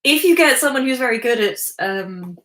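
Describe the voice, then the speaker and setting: A woman's voice: on the high side, lively intonation, moderate pace, fairly bright tone. A woman hosting a livestream, chatting casually and reading chat messages aloud. She is self-deprecating and laughs often. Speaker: livestream host answering chat. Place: indoor room, sitting on the floor. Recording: roomy echo.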